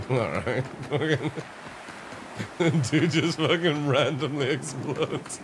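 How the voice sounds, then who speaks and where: A man's voice: medium pitch, extremely slow, pauses often, slight background noise. A man streaming live gameplay commentary, ranting, swearing a lot and laughing at the game's flaws. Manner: frustrated, swearing constantly, breaks into laughter.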